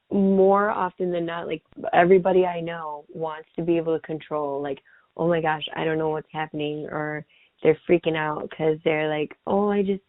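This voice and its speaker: A woman's voice: on the low side, no echo. A woman guest talking casually and reflectively, thinking aloud and often saying "like". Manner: rambling, reflective, many "like" fillers. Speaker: podcast guest. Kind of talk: casual chat. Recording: tinny phone-like line.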